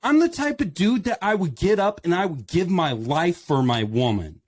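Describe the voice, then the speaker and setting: A man's voice: a little high, expressive, moderate pace, a little mellow. A man in a casual podcast discussion, speaking with passion and firing off emphatic rhetorical questions. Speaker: podcast panelist.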